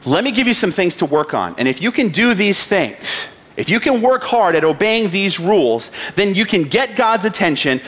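A preacher voicing religion as a persuasive male dealmaker, talking lower and in a coaxing, salesman-like way. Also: big pitch swings, moderate pace, fairly bright tone.

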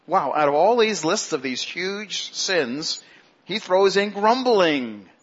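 A man preaching a sermon as pastor, animated, mimicking grumbling people in a mocking high voice. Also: takes it slowly, highs cut off.

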